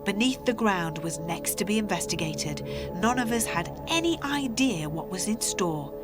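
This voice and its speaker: A woman reading a measured, ominous narration. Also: mid-range voice, lively intonation, over loud music. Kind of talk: scripted narration.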